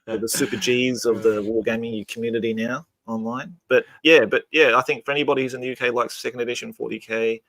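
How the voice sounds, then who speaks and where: A man's voice: medium pitch, fairly even intonation, fast talker, hardly any pauses, a bit bright, no room sound. A middle-aged man hosting a casual hobby chat, bantering and laughing easily. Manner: chatty, matey banter, laughs often. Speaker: host.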